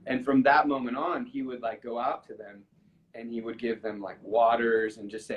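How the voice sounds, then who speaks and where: A man's voice: medium pitch, little pitch movement, moderate pace, lo-fi sound, a little hiss or hum. A man chatting on a live stream, telling a story earnestly and emotionally, with many restarts. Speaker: musician guest on a live stream. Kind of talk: casual storytelling chat.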